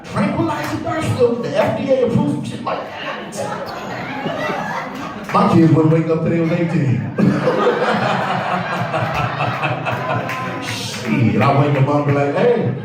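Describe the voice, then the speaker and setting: A man doing a stand-up comedy set, telling stories in a lively way and jumping loudly into quoted lines. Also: on the high side, slow pace, long pauses, over loud music. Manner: animated storytelling, loud jumps for quoted bits, frequent "you know what I'm saying". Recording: roomy live club sound, mic heard from a distance. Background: audience laughter and crowd noise.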